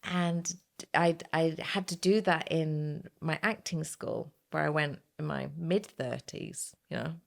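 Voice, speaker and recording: A middle-aged woman speaks as an interview guest in a rather low voice. She tells her story in a lively, animated way, and she speaks frankly. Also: a little slow, gravelly. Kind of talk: casual interview conversation.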